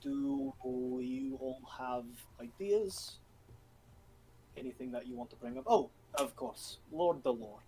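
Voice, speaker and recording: A man's voice: medium pitch, expressive, slow pace, warm tone, a little hiss or hum, low-quality recording. A man doing a weary convoy leader, a father. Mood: matter-of-fact. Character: weary middle-aged male convoy leader, devoted father.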